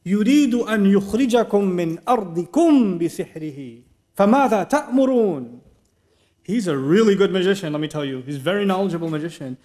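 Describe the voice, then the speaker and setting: A man's voice: sits high, expressive, racing, dark tone. A man giving a sermon lecture, retelling a story animatedly with rhetorical questions. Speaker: Islamic speaker.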